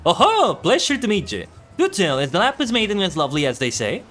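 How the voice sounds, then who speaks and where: Streamer doing a high, bouncy old merchant, boastful and folksy. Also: male voice, huge pitch swings, brisk, a bit bright, faint music behind, full character voice. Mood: jovial. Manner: folksy, drops into dialect.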